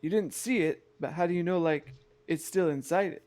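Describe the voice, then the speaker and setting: A man's voice: a little high, moderate pace, darkish tone. A man playing a tabletop game, speaking casually and easily. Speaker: player.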